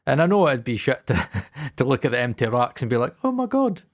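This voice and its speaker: A man on a podcast, talking in a loose, chatty way, dropping swear words and voicing the people he quotes. His pitch sits in a middling range for a man. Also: fairly quick. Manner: swears a lot and acts out quoted dialogue. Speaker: podcast co-host. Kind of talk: casual chat.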